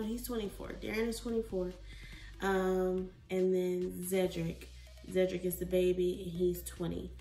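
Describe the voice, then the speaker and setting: A woman in her twenties, a vlogger from the United States, talking in a rambling, expressive casual chat that swings between soft and loud. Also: mid-range voice, vocal fry, distant mic. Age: 20s. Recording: roomy echo, from the mic, faint music.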